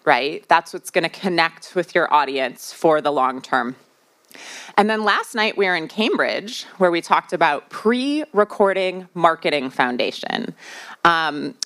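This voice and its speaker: A woman's voice: fairly low pitch, a bit bright. A woman with a Midwestern American accent hosting a live podcast, chatting to the audience with lots of fillers. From United States. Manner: chatty, asks the crowd questions, many fillers. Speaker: podcast host.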